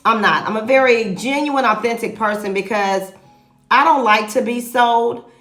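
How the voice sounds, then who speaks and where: A woman real estate agent, telling a story to camera in a lively, emphatic way. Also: fairly high pitch, moderate pace. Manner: animated, lively retelling with emphatic repeats. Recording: echoey room.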